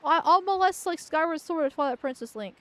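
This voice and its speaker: A woman's voice: high-pitched, lively intonation, a little fast. A young woman streaming a game, chatting crudely and jokingly, often laughing and stumbling over her words. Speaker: vtuber streamer. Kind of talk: casual gameplay commentary.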